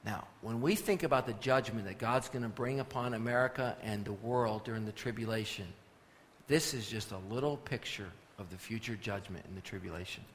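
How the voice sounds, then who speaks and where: A man preaching a sermon as pastor, swinging between quiet, firm instruction and loud, forceful scripture reading. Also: fairly low pitch, a little fast, a little hiss or hum. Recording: long reverb of a large hall.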